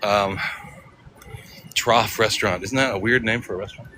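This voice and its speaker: Bright-voiced chatty American man. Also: on the low side, steady tone, normal speed, slight background noise. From United States. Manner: chatty, rambling, talks to viewers while walking. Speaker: travel vlogger. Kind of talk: casual walking vlog. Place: outdoors on city streets.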